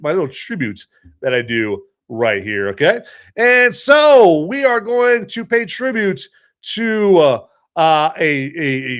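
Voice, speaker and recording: A man hosting a podcast in a casual monologue, telling stories in a rambling, joking and animated way. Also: fairly high pitch. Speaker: podcast host and movie reviewer.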